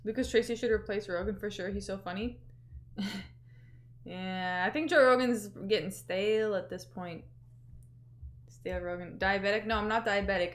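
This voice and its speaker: A woman hosting a casual livestream, chatting loosely with many fillers and reading out viewer messages. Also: mid-range voice. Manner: chatty, reads out chat messages, lots of fillers. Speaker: livestream host.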